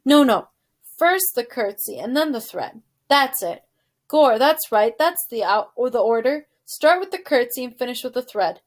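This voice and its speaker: A high, hollering young servant girl who is hard of hearing, as a woman reads her out, all country grammar and big hopes. She speaks up sharply, as if the whole room were far away, in a storybook read aloud. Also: animated, moderate pace, close to an everyday voice. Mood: chattering to herself. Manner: shouting, countrified speech. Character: twelve-year-old servant girl, half-deaf, hopeful, rustic.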